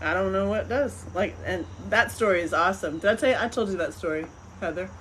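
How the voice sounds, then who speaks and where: A middle-aged woman hosting a podcast, chatting casually and telling rambling, animated stories. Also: mid-range voice, quick pace, slight background noise. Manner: rambling, animated storytelling with laughs. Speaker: podcast host. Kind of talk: casual chat.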